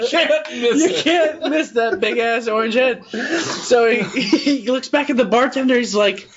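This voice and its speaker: High-voiced man telling a crude bar joke. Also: unhurried, a crowd in the background. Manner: rambling, swears a lot, laughs through his own joke. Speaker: podcast co-host. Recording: dull lo-fi podcast audio, faint noise.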